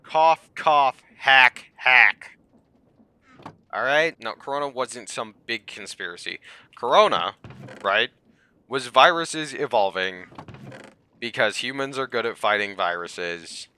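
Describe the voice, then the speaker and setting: A man ranting to the camera, heated and sarcastic, swinging between yelling and muttering. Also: medium pitch, animated, measured pace, clean tone. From United States. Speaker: comedian vlogger. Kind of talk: comedic rant to camera.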